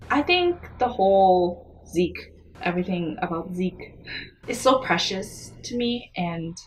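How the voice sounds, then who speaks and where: A woman's voice: on the low side, distant mic, a little hiss or hum. A young woman talking earnestly to camera in a personal vlog, often emotional and close to tears. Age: young adult. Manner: emotional, tearful at times, earnest. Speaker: vlogger.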